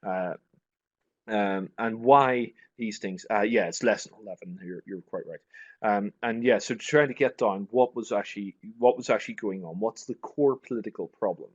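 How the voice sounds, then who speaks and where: Male teacher, online lesson, low voice, dry dull call audio, thinks aloud. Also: normal speed, no echo. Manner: conversational, thinking aloud with frequent restarts. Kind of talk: online class lecture. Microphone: computer mic on a video call.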